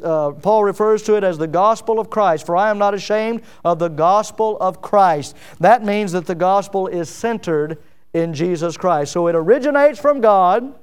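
A man's voice: high-pitched, clean tone. A man preaching a sermon in an emphatic cadence that rises and falls, often repeating his key phrases.

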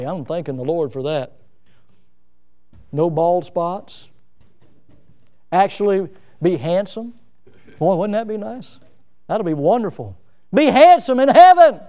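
A middle-aged man preaching a sermon in a folksy, plain-spoken way, with self-mocking humor and lively emphasis. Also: high-pitched, clear, resonant tone.

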